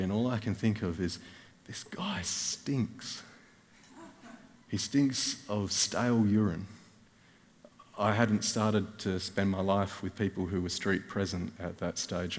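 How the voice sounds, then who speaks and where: Aussie guy preaching, lowish voice, tells a story with self-mocking jokes, big echoey church sound. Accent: Australian. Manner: animated storytelling with wry self-mocking asides. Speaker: guest preacher. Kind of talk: storytelling sermon. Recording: reverberant church hall.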